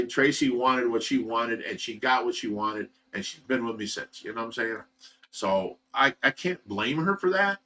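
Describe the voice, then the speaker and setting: Ohio man, thirties, livestream host, rambling casual storyteller, bright edge, mic a step away. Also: medium pitch. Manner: rambling, repetitive, many fillers and restarts. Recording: voice some distance from the mic.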